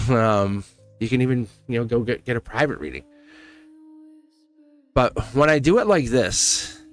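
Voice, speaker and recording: A man hosting a live tarot stream, talking casually and encouragingly to his chat with frequent laughs. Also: mid-range voice. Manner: rambling, encouraging, laughs often; talks straight to chat viewers.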